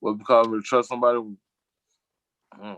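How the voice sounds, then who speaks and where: A man, chatting casually as a talk-show guest, rambling and slangy, acting out quoted friends in a lower voice. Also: flat delivery, brisk, fairly bright tone, rough recording. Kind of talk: casual chat.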